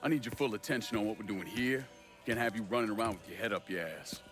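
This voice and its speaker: A man's voice: on the low side, quick pace, a bit bright, faint music behind, lightly acted. A man voicing a terse, impatient game hero. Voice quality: curt, swears.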